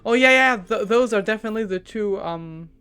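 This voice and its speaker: A woman's voice: medium pitch, fairly quick, a bit bright, smooth, faint music behind. A woman streamer with a French accent, chatting casually while gaming, teasing herself, stammering and giggling.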